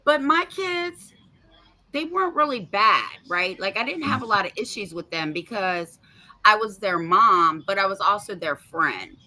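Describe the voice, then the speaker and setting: Bright, feisty woman in her fifties. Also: medium pitch, unhurried. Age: 50s. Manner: animated, blunt and feisty, swears freely. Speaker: podcast host. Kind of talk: casual storytelling chat.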